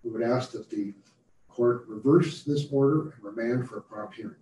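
A man presents his case to an appeals court in a measured, formal way. His voice is very dark and mellow, picked up from a distance in a roomy courtroom with a faint hum of noise behind him. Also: medium pitch. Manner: measured, formal legal reasoning. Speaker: attorney for the appellant. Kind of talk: appellate oral argument.

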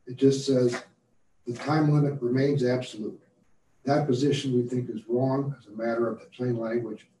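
A man, an attorney, giving a formal appellate oral argument in measured, careful legal reasoning. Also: medium pitch, steady tone, mellow, roomy sound, far from the mic, slight background noise, low-quality recording. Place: courtroom.

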